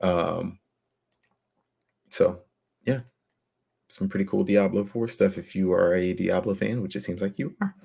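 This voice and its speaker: A man's voice: deep voice, unhurried, creaky, pauses often, dark tone, slightly rough. A man co-hosting a podcast, talking in a laid-back casual way with lots of fillers. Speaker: podcast co-host.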